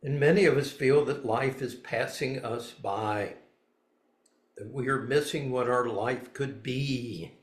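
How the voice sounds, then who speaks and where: A man's voice: mid-range voice, slow pace, roomy sound. A man giving a dharma talk as a spiritual teacher, blunt and folksy, moving between reading and emphatic asides.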